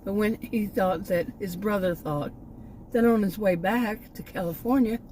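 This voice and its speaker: This older woman vlogger from Texas, United States, has a mid-range, slightly mellow voice at normal speed. The audio is poor with a little hiss or hum. Her casual personal talk rambles, restarts often, drifts into asides, and she's a little short of breath.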